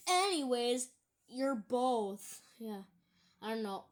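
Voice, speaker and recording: A woman talking casually in a video, reading out online comments and scoffing at them in halting, rambling sentences. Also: a little high, expressive, a bit bright. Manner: halting, rambling, with many restarts. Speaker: YouTuber.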